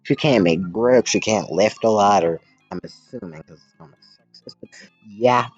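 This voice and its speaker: A man's voice: fairly low pitch, moderate pace, a little mellow, slightly rough, no echo, lo-fi sound, faint music behind. A man casually reading a fan comic aloud and commenting, rambling and sarcastic, often trailing off mid-thought.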